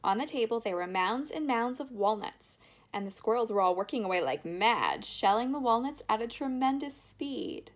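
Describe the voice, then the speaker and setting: Woman reading a storybook with lively pitch. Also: normal speed. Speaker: audiobook reader. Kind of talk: storybook narration.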